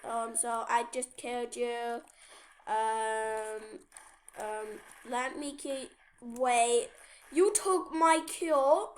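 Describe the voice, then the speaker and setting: A woman's voice: on the high side, steady tone, very slow. A woman giving casual gameplay commentary to her viewers, playful and full of whiny complaints about the game. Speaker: gameplay video host.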